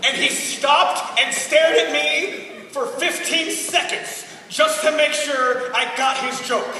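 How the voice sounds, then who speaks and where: Young male youth speaker, high and bright, animated and comic, heard from far off in an echoing hall. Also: moderate pace, a crowd in the background. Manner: animated, shouting punchlines, self-mocking. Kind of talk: energetic comic youth talk. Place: large hall. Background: teen audience.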